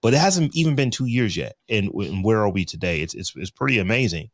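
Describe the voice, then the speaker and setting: Low-voiced man hosting a tech podcast. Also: expressive, brisk, no echo, clean studio sound. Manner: conversational, leads into segments. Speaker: podcast host. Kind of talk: casual tech podcast chat.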